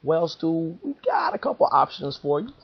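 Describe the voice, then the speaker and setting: A man's voice: on the high side, wildly swooping pitch, moderate pace, gravelly, slightly rough, pitched above the performer's own voice, heavily acted. A friendly pro shop driller, as a man puts him on, talks shop in a chatty, slightly raised voice. The recording is dull and lo-fi. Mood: helpful. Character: friendly knowledgeable male ball driller.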